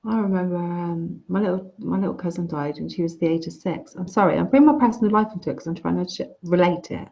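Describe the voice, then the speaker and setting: Woman course teacher, frank casual lecturer, dark warm tone, lo-fi call sound. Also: fairly low pitch, fast talker, vocal fry. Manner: chatty, frank, restarts phrases. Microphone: video call. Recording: dull lo-fi video call audio.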